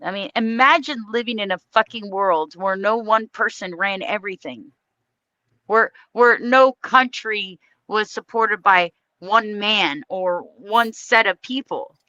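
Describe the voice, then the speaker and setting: Hosting a livestream, a woman from the United States launches into an angry political rant full of profanity, hitting her points bluntly. She speaks at a measured pace in a mid-range, sharp-toned voice. There's no room sound, but the highs are cut off.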